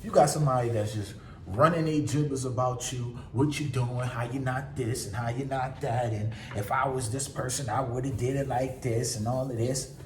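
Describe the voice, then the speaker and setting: A man's voice: medium pitch, steady tone, moderate pace, few pauses, darkish tone, distant mic, a little hiss or hum. A man giving blunt, profane motivational advice in a casual monologue, acting out the people he quotes. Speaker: motivational vlogger. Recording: roomy sound from away from the mic.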